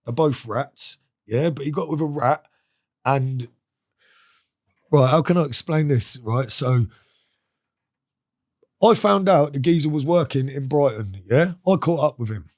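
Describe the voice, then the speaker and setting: A man's voice: a little high, a little slow, pauses often, a little mellow. A man, a podcast guest telling a story in a casual interview. He talks in a streetwise way, swears freely and acts out the voices of the people he quotes.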